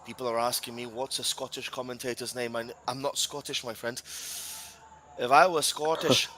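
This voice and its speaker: A man from Gibraltar calling a football match live, his voice bright and forward. He chats easily, talking straight to his co-commentator and the viewers. A faint ambient hum sits under the commentary. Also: mid-range voice, fairly even intonation, moderate pace, low-quality recording. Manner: chatty, addresses co-commentator and viewers directly.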